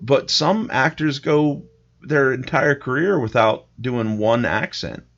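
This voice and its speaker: A man's voice: medium pitch, slow pace, a bit bright, lo-fi sound. A man co-hosting a casual tabletop-gaming podcast chat, who laughs often and swears casually. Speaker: podcast co-host.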